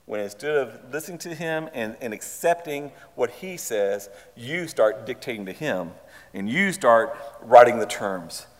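A man's voice: mid-range voice, long reverb tail. A man preaching a sermon in a church, speaking conversationally and pressing the congregation with pointed questions. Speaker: pastor.

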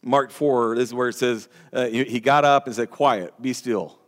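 A man's voice: mid-range voice, fairly even intonation, moderate pace. A man preaching a sermon as pastor, earnest and emphatic, often restarting words and phrases. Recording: long hall reverb.

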